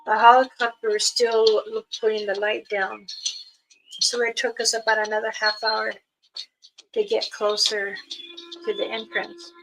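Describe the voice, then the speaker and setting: Slow-spoken woman telling a story over music. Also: fairly high pitch, level tone, poor audio. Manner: slow, unhurried, acts out others' lines. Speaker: storyteller, spiritual elder. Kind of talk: slow personal storytelling with prayers. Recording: music playing behind.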